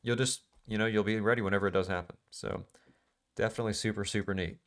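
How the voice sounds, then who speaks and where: A man's voice: lowish voice, steady tone, fast talker, vocal fry, a bit bright. A man teaching a live trading class in a casual, emphatic way, repeating phrases and asking the class questions. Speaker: trading instructor.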